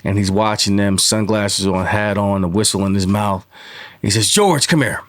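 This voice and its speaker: A man's voice: on the low side, completely flat delivery, moderate pace, dry recording. A man in his forties, a podcast guest, telling stories in a rambling way with many fillers. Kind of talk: casual storytelling interview.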